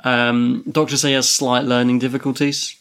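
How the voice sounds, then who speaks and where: A man's voice: medium pitch, little pitch movement, moderate pace, fairly bright tone, clean tone. A man, co-hosting a podcast and leading the story in a casual chat while teasing his co-host with questions.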